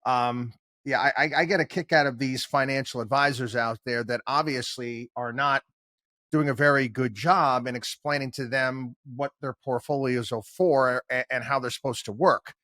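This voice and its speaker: An older man hosts a podcast as a financial commentator, rambling casually through a monologue full of fillers and restarts, plain-spoken and wry. His mid-range voice is bright and forceful, with a steady tone and moderate pace. There is no echo.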